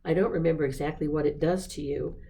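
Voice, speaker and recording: Brief: a woman playing a dry, teasing young gentleman, low and warm. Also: fairly even intonation, fast. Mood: wry. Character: wry whimsical young English gentleman.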